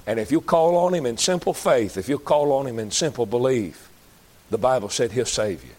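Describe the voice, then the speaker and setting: A man's voice: medium pitch, animated, normal speed, darkish tone. A man preaching an evangelistic sermon, fervent and emphatic, pleading with his listeners.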